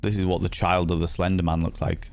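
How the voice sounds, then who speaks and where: A man chats through a let's-play with playful, casual commentary and the odd swear. His voice sits low but jumps up high whenever he is excited. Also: fairly quick, creaky, dry recording. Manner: chatty, playful, swearing, greeting chat. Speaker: streamer.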